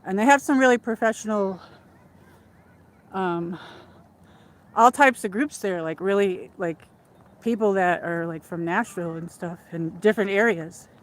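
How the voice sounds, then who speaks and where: A woman's voice: mid-range voice, unhurried, long pauses. Rambling woman livestreaming on a lakeside walk. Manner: chatty and rambling, with many "like"s and restarts. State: a little out of breath from walking. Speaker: livestream host. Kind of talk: casual walk-and-talk livestream. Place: outdoors, walking by a lake.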